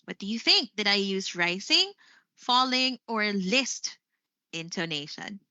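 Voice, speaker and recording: A woman teaching an English lesson on a live stream. She speaks slowly and expressively, laughing often. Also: medium pitch, no echo. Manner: slow, expressive delivery with frequent laughs. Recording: slightly muffled stream audio.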